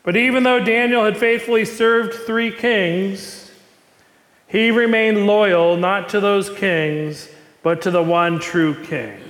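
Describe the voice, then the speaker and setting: A man preaching a sermon, telling a story with animated, emphatic repetition. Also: high voice. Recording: echoey hall reverb.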